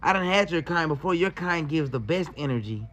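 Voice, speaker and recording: A man voicing a creepy, predatory woman who talks in a hushed, menacing way. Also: a little high, lively intonation, fairly quick.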